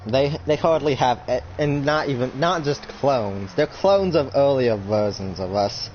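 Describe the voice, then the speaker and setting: A man's voice: mid-range voice, expressive, unhurried. A young man narrating an improvised role-play story, rambling with lots of "like". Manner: rambling, full of "like". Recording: dull lo-fi recording, faint noise.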